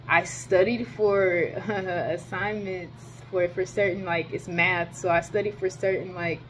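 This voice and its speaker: A young woman, a college student, telling a story in a casual ranting vlog, animated and swearing freely. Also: on the low side, a little hiss or hum. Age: young adult. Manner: animated, profane, emphatic storytelling.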